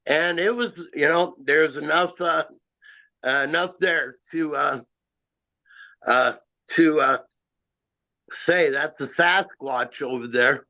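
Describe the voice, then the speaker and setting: Slow, halting man with a bright voice. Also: fairly high pitch. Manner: halting, rambling, many "you know" and "uh" fillers. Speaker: eyewitness guest. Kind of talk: first-person encounter story.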